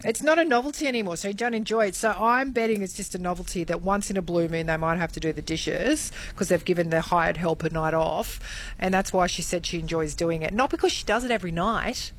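A woman's voice: fairly low pitch, a little fast. Chatty woman on radio. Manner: chatty, anecdotal, laughs easily. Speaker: radio co-host. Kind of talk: casual chat.

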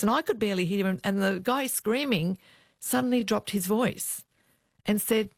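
An older woman recounts her years on the beat in an animated way, jumping up in pitch to play the people she quotes. Her voice sits at a middle pitch, and the recording is dry and close. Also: moderate pace, vocal fry, dry recording. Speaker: retired police officer, guest. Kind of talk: storytelling in an interview.

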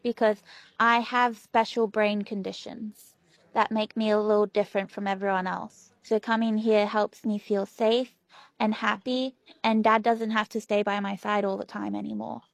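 A woman's voice: medium pitch, flat delivery, moderate pace, creaky, no room sound. A woman, an art workshop participant speaking earnestly in an interview.

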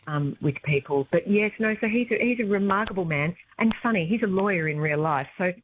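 Speaking at a fairly low pitch, this woman sounds animated and quick, with no echo on the tinny phone line. A stage actress, she gushes chattily about her play during a relaxed phone interview, clearly enthusiastic about her work.

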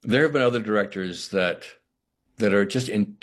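A man with a deep, husky voice talks through his craft in an interview. He muses aloud, pausing and restarting his thoughts as he goes. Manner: thoughtful, halting, with frequent restarts and "you know". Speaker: actor, interview guest. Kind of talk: reflective interview conversation.

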